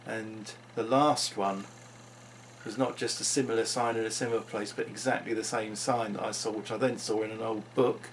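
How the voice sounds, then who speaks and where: A man's voice: fairly low pitch, fairly even intonation, moderate pace, slight background noise. A man talking unscripted into his vlog, musing and rambling with frequent restarts. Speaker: vlogger.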